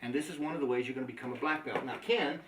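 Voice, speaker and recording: A man's voice: mid-range voice, rapid-fire, fairly bright tone, slight background noise. A man giving an upbeat, emphatic motivational training talk on network marketing. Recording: echoey room, mic at a distance.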